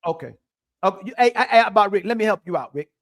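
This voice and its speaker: High-voiced insistent male podcast host. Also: lively intonation, quick pace, fairly bright tone. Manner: insistent, repeats questions over and over. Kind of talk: heated panel talk.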